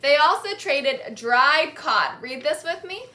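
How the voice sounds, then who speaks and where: A woman teaching a lesson, saying words slowly and clearly and having the class repeat them after her. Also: sits high, lively intonation, sharp tone. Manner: slow, clear, repeating key words for learners to echo. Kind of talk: call-and-response classroom lesson.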